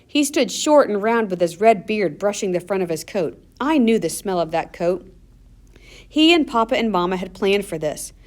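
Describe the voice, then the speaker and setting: A woman reading an audiobook aloud in first person, steady and earnest. Her narration is measured, with a mid-range voice that carries the story plainly. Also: medium pitch.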